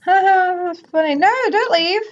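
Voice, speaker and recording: Over a life-sim game, a woman gaming host keeps up casual, chatty talk, sometimes doing quick character voices. Her pitch is extremely high, there's slight background noise, and the lo-fi sound comes across a bit dull.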